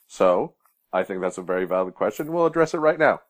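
A man's voice: deep voice, fairly quick. A man co-hosting a casual podcast, joking and bantering with his co-hosts. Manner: joking, playful, animated. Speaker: podcast co-host, game developer.

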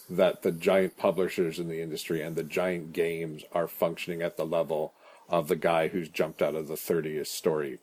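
A man's voice: low voice, darkish tone. A man co-hosting a casual podcast, with a dry, wry delivery. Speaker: podcast co-host.

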